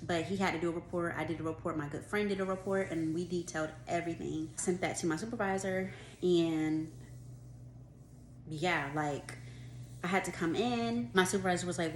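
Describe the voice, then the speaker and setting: Young woman, casual storytime, lots of "like", lowish voice, echoey room, faint hiss. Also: normal speed. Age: 20s. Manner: animated, fills with "like", acts out what others said. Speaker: vlogger telling a work story. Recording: roomy room with faint background noise.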